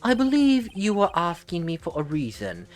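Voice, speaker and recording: A woman voicing a polite, menacing gentleman assassin in a fan voice-over of a game. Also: fairly low pitch, huge pitch swings, normal speed. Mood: calm, menacing. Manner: courteous, formal, quietly menacing.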